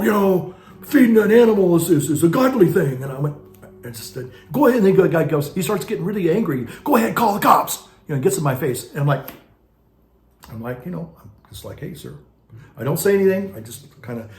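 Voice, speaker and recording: A man's voice: medium pitch, darkish tone. A man, a parish priest, telling stories in a casual, rambling way with many restarts and asides. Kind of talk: casual reflective monologue. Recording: roomy echo with faint music.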